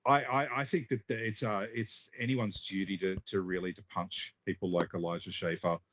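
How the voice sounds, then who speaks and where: A man's voice: sits low, fairly even intonation, moderate pace, a bit bright. Rambling man, casual commentary. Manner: rambling, laughing, heavy swearing. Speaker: stream host. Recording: slightly dull lo-fi audio.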